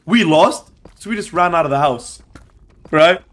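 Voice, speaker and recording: A man casually telling a wild story to friends on a livestream, animated and swearing, throwing in "bro" and "right" all the time. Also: a little high, a little slow.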